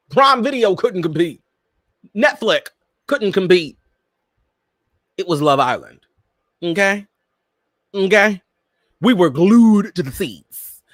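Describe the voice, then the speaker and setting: A man's voice: medium pitch, no echo, studio quality. A man hosting a casual pop-culture commentary show, sassy and campy, talking to his listeners like old friends. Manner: sassy, campy, animated, addresses listeners as "girl" and "Miss Thing". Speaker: podcast host.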